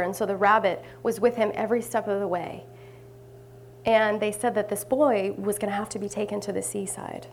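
A woman minister giving a sermon, telling a story with warmth and occasionally dropping to hushed asides. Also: mid-range voice, gravelly, a little hiss or hum.

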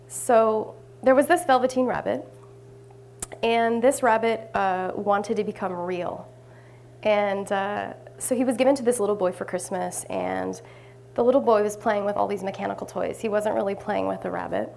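A woman minister delivers a sermon in a warm storytelling manner. Her mid-range voice has a gravelly edge and sometimes drops to hushed asides, with a faint hiss behind it. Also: medium pitch, moderate pace.

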